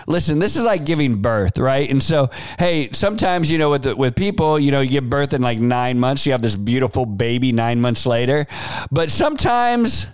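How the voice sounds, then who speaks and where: A man in his forties hosts a business advice podcast. His voice is fairly high for a man, smooth and clear, recorded close and dry. He speaks in a loose, animated way and acts out the quotes. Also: no room sound. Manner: animated storyteller, acts out quotes, frequent fillers. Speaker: podcast host. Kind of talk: casual advice talk.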